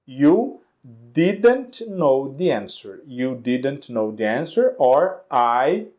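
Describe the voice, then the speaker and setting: A man's voice: medium pitch, big pitch swings, slow, darkish tone. A man with a Brazilian Portuguese accent, teaching an English grammar lesson. He repeats each answer and keeps asking "okay?" to check that his students follow.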